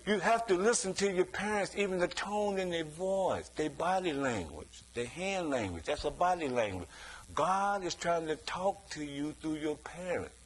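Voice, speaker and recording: A man with a fairly high voice delivers a sermon as if he were chatting with the congregation. He keeps checking in with "you see?", chuckles now and then, and slips into other people's voices to act out everyday scenes. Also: poor audio. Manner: conversational preaching with frequent rhetorical "you see?"; chuckles between points, acts out quoted voices. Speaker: preacher.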